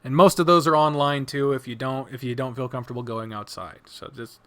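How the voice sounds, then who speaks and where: A man's voice: mid-range voice, fairly even intonation, fairly quick, fairly bright tone. A man co-hosting a casual podcast, talking in an emphatic, profane ranting way. He sounds tired. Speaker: podcast co-host.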